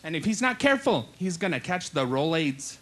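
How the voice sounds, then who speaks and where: Guy doing his old grandma, low quiet worried voice. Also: big pitch swings, brisk. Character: fretful old Latina grandmother, worried and suspicious.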